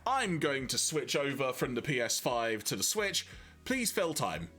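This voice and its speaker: A man's voice: medium pitch, very animated, measured pace, pushed and bright, breathy edge, faint music behind. A man hosting a game stream, chatting easily, laughing readily and muttering to himself as he plays. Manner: easygoing, laughs readily, mutters while playing. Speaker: streamer host. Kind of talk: casual gaming stream chat.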